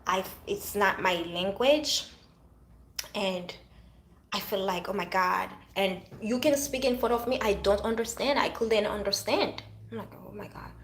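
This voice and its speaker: A woman's voice: medium pitch, unhurried, echoey room, slight background noise, poor audio. A woman with a French accent speaking earnestly in a casual motivational monologue, often restarting her phrases. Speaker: vlogger.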